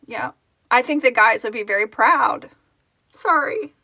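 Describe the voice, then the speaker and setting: Bright-voiced woman hosting a tearful live stream. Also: fairly high pitch, moderate pace, creaky, no room sound. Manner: emotional, tearful, reading out viewer comments. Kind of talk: casual live-stream chat. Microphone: phone.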